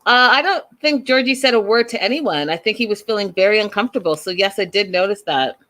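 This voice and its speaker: Female host, mid-pitched, casual and opinionated, asks lots of rhetorical questions. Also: expressive, fast talker, sharp tone. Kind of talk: casual reality TV recap.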